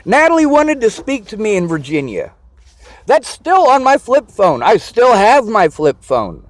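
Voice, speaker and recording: A man's voice: high voice, huge pitch swings, a little slow, no room sound. A man venting to camera in an agitated, profane, repetitive rant. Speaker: vlogger. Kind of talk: angry personal rant to camera.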